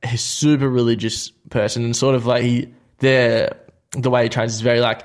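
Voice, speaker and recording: A young Australian man co-hosting a sports podcast, talking in a relaxed, chatty way and laughing often. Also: medium pitch, moderate pace. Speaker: podcast co-host. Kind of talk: casual sports chat.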